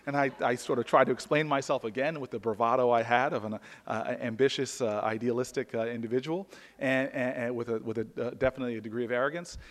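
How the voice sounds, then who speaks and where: A man tells a personal story to an audience in an earnest, searching way, often stopping to restart his sentences. His voice sits at a middle pitch for a man. A long reverb from a large hall trails every phrase. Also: fast talker. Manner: earnest, with frequent restarts and repeated words. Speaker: public speaker.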